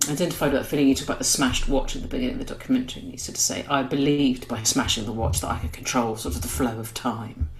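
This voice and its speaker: A woman's voice: extremely low pitch, fairly even intonation, very fast, few pauses, slight background noise, low-quality recording. A middle-aged woman, hosting a conversation and reflecting thoughtfully on her own experience. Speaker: podcast host.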